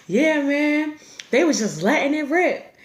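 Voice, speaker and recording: A woman quoting her laid-back young boyfriend in a relaxed, teasing drawl. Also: high voice, a little slow, echoey room, pitched above the performer's own voice.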